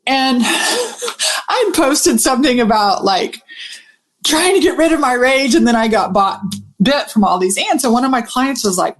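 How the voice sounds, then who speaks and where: A woman, a business coach telling a casual, animated story to her audience and swearing freely. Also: on the high side, moderate pace, a little hiss or hum. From Texas.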